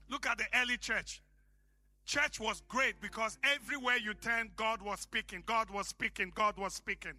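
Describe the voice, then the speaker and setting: High, bright-voiced African preacher. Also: male voice, steady tone, normal speed, soft background music. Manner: impassioned, shouting for emphasis. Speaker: pastor. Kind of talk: preaching a sermon.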